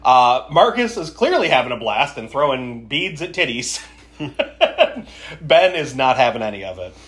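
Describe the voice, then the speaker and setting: A woman's voice: a bass voice, sing-song, measured pace. A woman co-hosting a podcast, casually recapping a slasher film and acting out quoted lines between bursts of laughter. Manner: laughs often, retells scenes with quoted lines. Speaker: podcast co-host. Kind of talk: casual movie recap chat.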